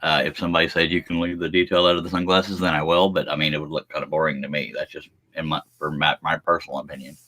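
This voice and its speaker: A man's voice: very deep voice, flat delivery, fast, few pauses, pushed and bright, no room sound. A man streaming live from his workshop, talking in a chatty, folksy way as he draws a pattern. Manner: folksy, chatty, says y'all. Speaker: scroll saw pattern maker streaming live. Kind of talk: relaxed live-stream talk while working.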